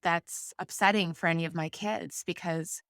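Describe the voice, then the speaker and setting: Low, smooth-voiced woman telling her story. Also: fairly even intonation, moderate pace, fairly bright tone, dry recording, clean studio sound. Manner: candid, rambling with frequent restarts and "like". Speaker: podcast guest. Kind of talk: conversational interview.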